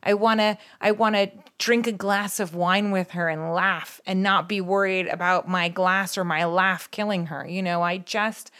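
A woman's voice: mid-range voice, fairly even intonation, moderate pace, few pauses, fairly bright tone, clear, resonant tone. A woman in her forties talking with her partner, emotional and open, close to tears. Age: 40s. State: tearing up. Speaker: podcast co-host. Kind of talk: heartfelt conversation.

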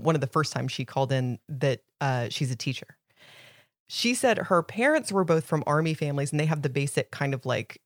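A woman's voice: sits low, no room sound, studio quality. A woman co-hosting a podcast in casual, enthusiastic chat, often laughing. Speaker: podcast co-host.

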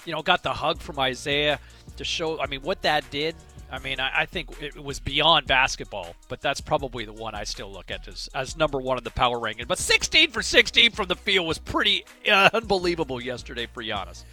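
A man's voice: medium pitch, very animated, fairly quick, pushed and bright, soft background music. A man co-hosting a sports talk show, chatting casually and animatedly, often repeating words as he starts a thought. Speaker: sports radio co-host.

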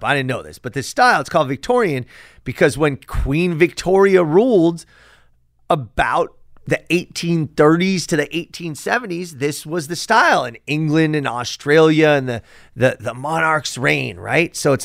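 Lively, gravelly-voiced man chatting casually. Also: on the high side, normal speed, no room sound, studio quality. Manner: chatty, rhetorical questions, frequent "right?". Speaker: host. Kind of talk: casual vlog monologue.

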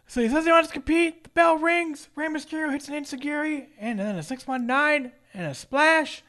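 A man's voice: very high voice, normal speed. A man co-hosting a casual podcast, wryly recapping a wrestling show. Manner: wry, joking, lively. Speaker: podcast co-host.

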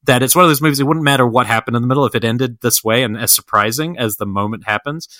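A man co-hosting a film podcast, talking with bright, forceful energy and a mid-range voice. He rambles eagerly, with plenty of ums and restarts. The sound is dry and close, with no room around it. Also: medium pitch, quick pace, no echo. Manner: enthusiastic, rambling with many fillers. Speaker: podcast co-host. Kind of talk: casual film chat.

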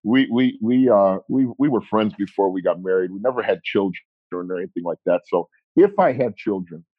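A man in his forties talking casually as an interview guest, rambling and self-deprecating, quick to laugh. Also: on the low side, expressive, husky, dry recording, muffled recording. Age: 40s.

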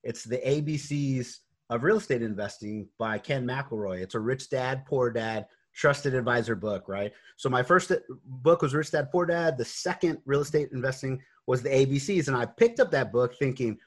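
A man's voice: mid-range voice, normal speed. A man speaking as an interview guest, earnest and faith-driven, telling his story with many fillers and restarts. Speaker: guest, real estate investor.

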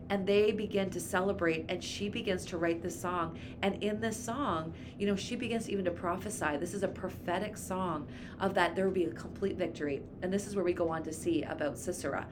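A woman's voice: fairly low pitch, background noise. A woman, co-host of a Bible study podcast, talking enthusiastically about a favorite biblical heroine. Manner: enthusiastic, gushing.

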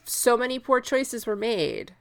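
Woman with a gravelly, lively voice. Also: a little high, unhurried. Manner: rambling, laughing, restarts. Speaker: podcast co-host. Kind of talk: casual chat.

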